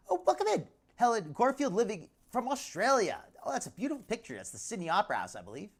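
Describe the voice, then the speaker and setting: A chatty woman hosting a livestream, her voice rising and dipping all over a somewhat low register. She talks loosely, laughs a lot and trails off mid-thought. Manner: chatty, laughs often, breaks off mid-sentence. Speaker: livestream host. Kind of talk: live commentary on social media clips.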